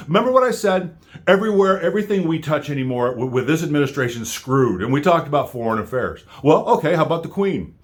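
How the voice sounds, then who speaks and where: An American man delivering an angry political rant straight to his viewers, heated and full of stammering restarts. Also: mid-range voice. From United States. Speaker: vlogger.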